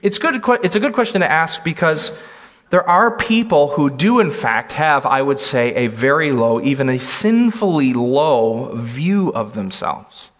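A man preaching a sermon in a conversational way, pausing with fillers and restarting phrases. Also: a little high, lively intonation, a bit bright.

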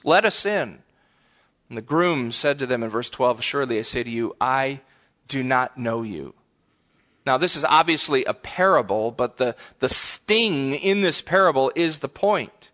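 A middle-aged man delivers a sermon, weaving a story into his teaching. His voice is bright and forceful and sits slightly high. He drives his points home with emphatic repetition. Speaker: preacher. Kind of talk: sermon on a parable.

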